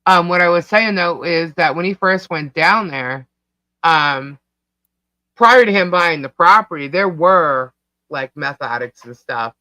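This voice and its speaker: A man with a New York accent co-hosting a casual livestream, reading chat comments out loud in a scattered, distracted way. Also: on the high side, a little slow, dry recording. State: hiccups. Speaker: livestream co-host. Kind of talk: casual live-stream chat.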